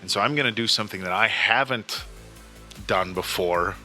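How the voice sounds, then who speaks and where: Deep-voiced man in his forties, rambling earnestly. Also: normal speed, sharp tone, faint music behind. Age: 40s. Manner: rambling, earnest, lots of fillers and restarts. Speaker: movie reaction host. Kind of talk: casual chat.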